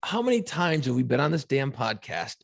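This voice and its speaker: A middle-aged man, a podcast co-host who also hosts radio, tells an emotional story in casual podcast chat, with lots of swearing and quoted reactions. His medium-pitched voice is creaky, very animated and fairly quick, recorded with studio quality and no echo.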